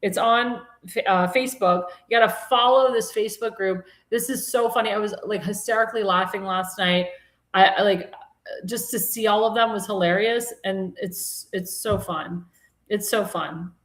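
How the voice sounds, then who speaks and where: A woman's voice: mid-range voice, steady tone, moderate pace, reverberant. A woman hosting a live political talk show, chatting in a rambling way with many restarts and fillers, and turning mocking and indignant about politics. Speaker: host.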